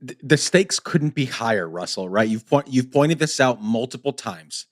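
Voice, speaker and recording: A male podcast host talks in casual conversation at a normal speed, his medium-pitched voice full of lively intonation. He speaks with passion and urgency, driving his points home emphatically.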